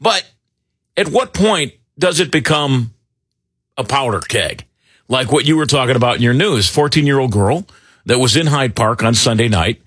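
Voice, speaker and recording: A middle-aged man hosting talk radio, rambling and animated with lots of fillers. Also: mid-range voice, normal speed, slightly rough, no room sound, clean studio sound. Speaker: radio talk show host. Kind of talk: casual talk radio banter.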